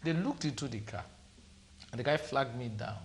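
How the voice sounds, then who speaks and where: A middle-aged man with a Nigerian accent speaks as a studio guest on a television panel. His voice sits at an ordinary pitch and he talks in a measured, deliberate way. He builds his points through a long anecdote, full of small quoted exchanges, with a faint hiss behind him. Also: lively intonation, creaky. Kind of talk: TV panel discussion.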